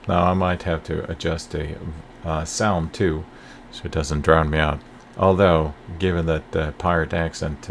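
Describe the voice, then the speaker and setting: A man hosting a casual first look at a game, talking in a relaxed, rambling way with many fillers. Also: a bass voice, gravelly, slight background noise. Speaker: game channel host.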